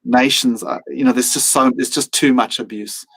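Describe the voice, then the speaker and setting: A man's voice: medium pitch, steady tone, normal speed, fairly bright tone, slightly rough, low-quality recording. A man speaking as a podcast guest, reflective and earnest, sometimes acting out his own inner voice. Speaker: mindfulness teacher and guest.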